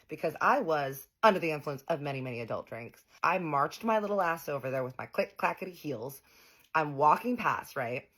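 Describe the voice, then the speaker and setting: A young woman with a notably low speaking voice tells a story straight to her phone camera. She is dramatic, sassy and foul-mouthed, addressing her viewers as if gossiping with friends. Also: fairly bright tone. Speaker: storytime vlogger.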